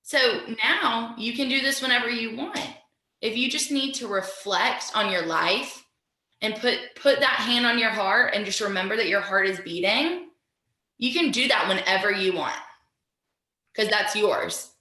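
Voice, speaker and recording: A woman teacher with a fairly high, bright voice leads a mindfulness lesson over a video call. She talks straight to her students in an upbeat, encouraging way. Her voice carries a roomy echo. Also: unhurried.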